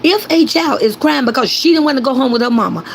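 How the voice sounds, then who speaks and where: A woman's voice: sits high, expressive, fast, creaky, slight background noise, low-quality recording. A woman hosting a commentary stream, ranting emphatically and repeating points while calling on her chat to agree. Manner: emphatic, repetitive, addresses chat directly. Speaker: commentary host.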